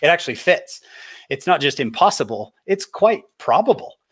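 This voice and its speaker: A man from Utah giving a faith talk as a public speaker, telling stories with animation and slowing down for emphasis. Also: fairly high pitch, breathy edge. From Utah, USA. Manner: animated storyteller, slows for emphasis.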